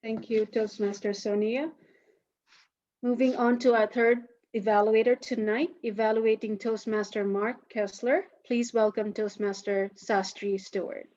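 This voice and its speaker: A woman's voice: a little high, level tone, unhurried, a little mellow. A woman acting as general evaluator, introducing speakers at an online club meeting. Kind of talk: meeting chair over video call. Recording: dull lo-fi audio.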